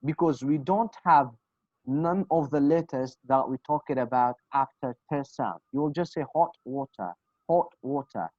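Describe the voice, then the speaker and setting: A man's voice: a little high, moderate pace, a little mellow, dry recording. A man with a Kurdish accent leads an online English pronunciation lesson. He patiently repeats each example phrase again and again. The video call audio is dull and dry. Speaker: English teacher.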